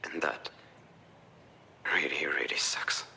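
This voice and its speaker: A low, husky voice carries this weary, troubled man as he reaches out to family in a story game. He speaks in a subdued, heavy way. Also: normal speed, a bit bright. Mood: melancholy. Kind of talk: game voice acting.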